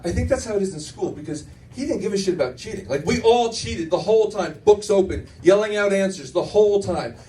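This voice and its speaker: Middle-aged guy doing stand-up, high voice that jumps all over, heard from a bit far off in a club. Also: fairly quick, few pauses, a little hiss or hum. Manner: animated storytelling with many restarts. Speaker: stand-up comedian. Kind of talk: stand-up comedy set. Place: comedy club stage. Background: audience laughter.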